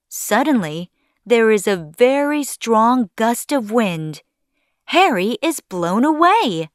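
A woman narrating a children's story slowly in short, clearly spaced sentences. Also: a little high, sing-song, no room sound, studio quality.

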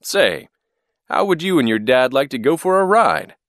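A man's voice: medium pitch, sing-song, normal speed, a bit bright, dry recording, studio quality, pitched above the performer's own voice. A man voicing a friendly male pilot who explains his plane.

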